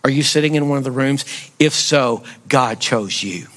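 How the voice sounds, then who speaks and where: A man preaching a sermon as pastor in a church, firing rhetorical questions and building to near-shouts. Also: medium pitch, moderate pace. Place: church sanctuary.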